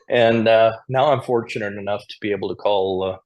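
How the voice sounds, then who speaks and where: A man's voice: on the low side, fairly even intonation, a little fast, a little mellow, dull audio. A man from Montana, a square dance caller, telling chatty anecdotes as a podcast guest and chuckling now and then. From Montana, USA. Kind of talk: casual storytelling interview.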